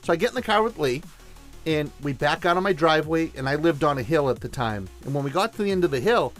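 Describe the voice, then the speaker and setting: A man's voice: a little high, animated, fast, a bit bright, faint music behind. A man hosting a show, telling a story and giving tips in an enthusiastic, conversational way. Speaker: host. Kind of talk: casual storytelling and instruction.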